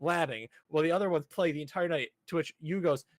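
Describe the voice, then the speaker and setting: A man's voice: on the high side, quick pace, no room sound. A man co-hosting a casual podcast, animatedly recapping an anime episode, acting out the characters' lines and swearing freely. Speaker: podcast co-host.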